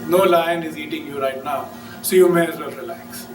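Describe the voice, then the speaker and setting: A man's voice: a little high, steady tone, moderate pace, a little mellow, reverberant, distant mic, faint music behind, low-quality recording. A man giving a casual talk on meditation, often checking in with "right?". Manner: casual, keeps asking "right?". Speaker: speaker.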